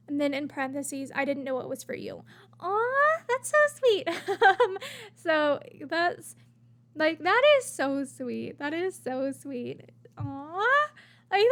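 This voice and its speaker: A woman's voice: high-pitched, fairly bright tone. A woman casually commenting while reading out message screenshots, chatty with many fillers and bursts of gushing. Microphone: webcam-style desk setup.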